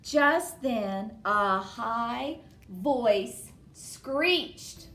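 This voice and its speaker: A woman reading a picture book aloud to children, with a high voice that rises and falls expressively. She takes her time over each line. The room gives her voice a noticeable echo. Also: soft background music. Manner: expressive, slow and dramatic. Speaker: children's librarian. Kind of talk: storybook read-aloud. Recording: roomy echo.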